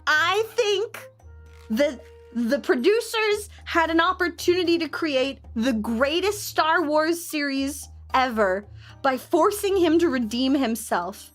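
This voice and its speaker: A young woman streamer chatting casually with her viewers, ranting in an animated, exaggerated way. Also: high-pitched, unhurried, soft background music. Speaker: VTuber streamer. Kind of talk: casual chat with live chat.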